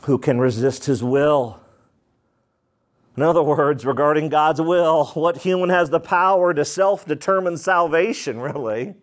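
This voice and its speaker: Man, pastor, sermon, high voice, slow unhurried delivery, dramatic rises and drops. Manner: preaching with dramatic rises and drops, acting out prayers.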